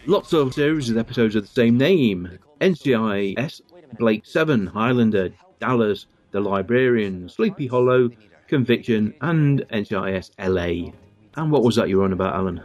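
A man's voice: on the low side, animated, moderate pace, a little mellow, lo-fi sound. A man hosting a podcast, giving casual commentary and reading out episode trivia while watching along. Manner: chatty, chuckling, reads out episode trivia. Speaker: podcast host.

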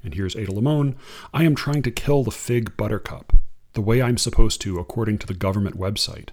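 A man commenting on poetry, reading quotes aloud in a measured, hesitant way. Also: on the low side, a little mellow. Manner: measured, hesitant, restarts often.

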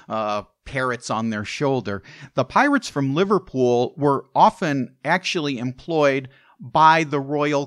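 A man's voice: mid-range voice, a bit bright, no echo, clean studio sound. A man hosting a podcast, telling history in a casual, conversational storytelling way with chatty asides. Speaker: podcast host.

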